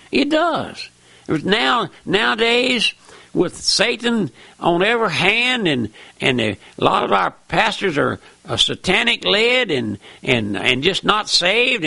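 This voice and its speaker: Gravelly Southern preacher with leaping pitch. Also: male voice, pushed and bright, dry recording. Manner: fervent, repeats "my friend", pitch leaps high for emphasis. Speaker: radio preacher. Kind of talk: folksy radio sermon.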